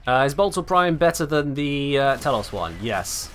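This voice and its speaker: A male game streamer giving live commentary, speaking with sweeping highs and lows like an old-time radio host. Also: animated, moderate pace, soft background music.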